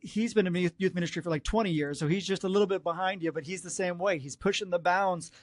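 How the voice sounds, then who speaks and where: A man's voice: high-pitched, quick pace, a little hiss or hum. A man hosting a podcast, asking questions and encouraging his guest in a chatty, casual way. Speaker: podcast host, worship pastor. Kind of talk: casual interview.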